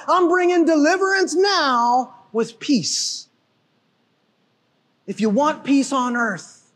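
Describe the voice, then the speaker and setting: High, emphatic male preacher in a reverberant hall. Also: takes it slowly. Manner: animated, emphatic, often shouting for emphasis. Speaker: pastor. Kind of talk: sermon.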